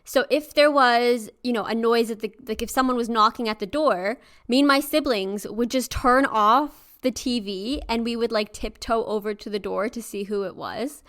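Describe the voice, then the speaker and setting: A woman co-host with a fairly high voice reads a folktale aloud in an even storytelling tone. Between passages she slips into relaxed, lively chat and laughs easily. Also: moderate pace, hardly any pauses. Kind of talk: story reading and casual chat.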